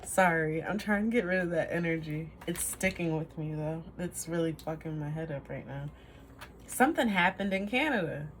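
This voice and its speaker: Woman, tarot reader, lowish voice, rambling casual talk, faint background hiss. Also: lively intonation, moderate pace. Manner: rambling, trails off and restarts, laughs at herself. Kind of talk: casual tarot reading to camera.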